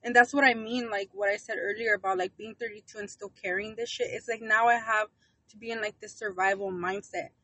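A woman's voice: medium pitch, steady tone, a little fast, bright, forceful tone, breathy edge, no room sound, poor audio. A woman in her early thirties co-hosting a podcast, talking bluntly, swearing and mixing English with Spanish. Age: 30s. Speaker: podcast co-host. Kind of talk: casual podcast chat.

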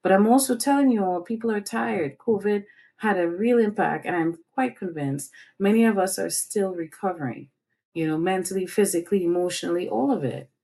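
A woman hosting a livestream, giving fiery, preachy commentary and swinging her pitch up and down as she speaks. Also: brisk, vocal fry, warm tone. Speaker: host.

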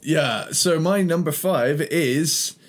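A man's voice: on the high side, slow pace. Laid-back Cornish man, chatty storyteller. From England. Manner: laughing, swearing, tangent storytelling. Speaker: podcast co-host. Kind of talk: casual chat.

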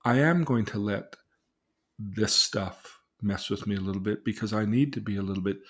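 A man, a therapist, telling a client's story in casual conversation and acting out the quoted lines. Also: normal speed. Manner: animated, acts out quoted dialogue with rising pitch. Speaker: therapist, podcast host.

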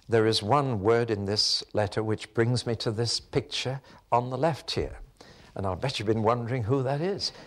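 An older man preaching a sermon, telling stories earnestly, rising to emphatic peaks and dropping to hushed, quiet lines. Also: mid-range voice. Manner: earnest storytelling with emphatic rises and hushed drops.

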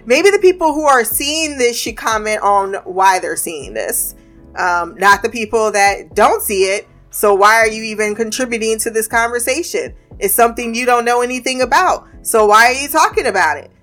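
A woman's voice: fairly high pitch, moderate pace, faint music behind. Laughing, profane woman venting. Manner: profane, laughing, animated storytelling. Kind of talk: casual venting monologue.

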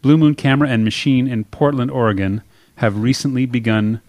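A man's voice: mid-range voice, fairly quick, darkish tone. A male podcast co-host in casual chat, opinionated and explaining his views.

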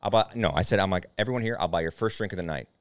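Fast-talking deep-voiced man telling a story. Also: no echo. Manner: rambling storyteller, acts out quotes with raised pitch. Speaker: podcast co-host. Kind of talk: casual chat, storytelling.

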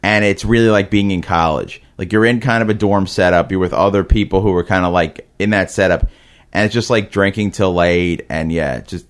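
Speaking with a Brooklyn-Queens New York accent in a low, steady voice, a man chats casually as a comedian guest. His speech is halting and hesitant, full of fillers.

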